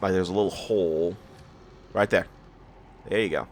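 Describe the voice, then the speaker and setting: A man's voice: fairly low pitch, expressive, normal speed, fairly bright tone. A tired man just out of bed, rambling and stammering through casual gameplay commentary as a let's play host. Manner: rambling, self-deprecating, stammers and laughs.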